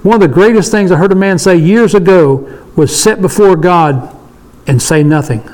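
A man's voice: high voice, moderate pace, darkish tone, poor audio. A man in his sixties leading a casual Bible study discussion, emphatic and repeating his points for stress. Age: 60s.

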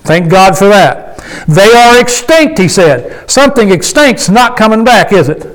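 High-voiced folksy preacher man. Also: lively intonation, normal speed, low-quality recording. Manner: folksy, emphatic, asks the congregation questions. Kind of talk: conversational sermon with call and response.

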